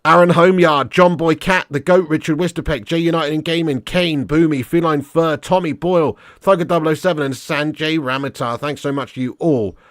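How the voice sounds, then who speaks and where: Sweary excitable football watch-along host. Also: male voice, fairly high pitch, a little fast, hardly any pauses, dry recording, studio quality. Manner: excitable, swears freely, reads out fan messages; matey, calls listeners lad and mate. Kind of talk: live match watch-along commentary.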